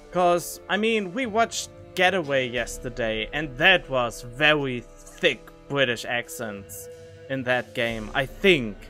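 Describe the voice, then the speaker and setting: A man's voice: medium pitch, sharp tone. A man streaming a video game, rambling casually and chatting to his viewers. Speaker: let's play streamer. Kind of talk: casual gameplay commentary. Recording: game music playing behind.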